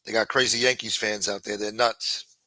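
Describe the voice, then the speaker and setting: Profane, bright-voiced stream host. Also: male voice, on the low side, steady tone, normal speed, no room sound. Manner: profane, rambling and riffing. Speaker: live-stream show host. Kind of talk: casual chat, reading viewer comments.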